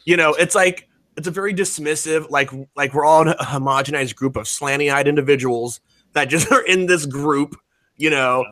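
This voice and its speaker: A man's voice: fairly high pitch, normal speed, pushed and bright, dry recording. A man in his forties talking in a rambling, profane way, full of fillers and restarts. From United States. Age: 40s. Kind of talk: casual chat.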